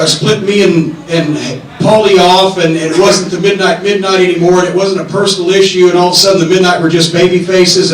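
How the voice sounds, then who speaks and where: A middle-aged man hosting a live podcast from a comedy club stage, telling long, profane, animated anecdotes. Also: high-pitched. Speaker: podcast host. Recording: echoey room from far off.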